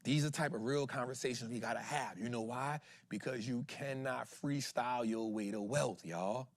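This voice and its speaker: A man's voice: mid-range voice, normal speed, dry recording. A man hosting an investing show in casual livestream talk, slangy and emphatic, throwing rhetorical questions at his viewers.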